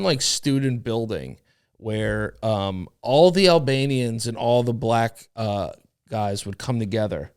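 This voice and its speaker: A man's voice: mid-range voice, a little mellow, clear, resonant tone. A young man co-hosting a podcast, telling rambling, profane stories full of fillers. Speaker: podcast co-host. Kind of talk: casual chat.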